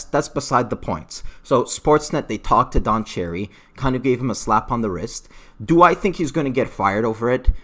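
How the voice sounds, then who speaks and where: A man giving an unscripted, emotional opinion rant about hockey, growing heated. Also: mid-range voice. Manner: heated, emotional, rising to shouting. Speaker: hockey commentary vlogger.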